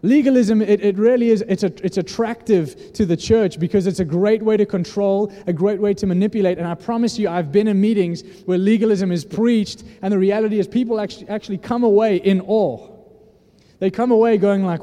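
A man with a high, warm voice speaks fairly quickly, preaching a sermon in an earnest, conversational way. He often restarts his sentences, and the recording carries a long hall reverb.

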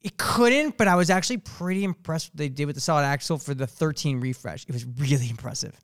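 A man with a slightly high voice rattles through his points at a brisk clip, emphatic and opinionated, often restarting his sentences. He talks close to the mic in a dry, dead room. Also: no room sound. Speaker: podcast co-host. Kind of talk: casual car talk chat.

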